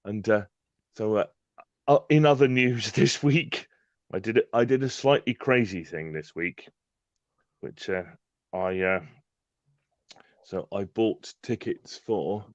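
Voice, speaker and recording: A man's voice: lowish voice, slow, long pauses, no echo. A man co-hosting a casual live-stream chat on a video call, chatty, laughing often and full of fillers. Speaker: co-host. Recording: dry, slightly dull call audio.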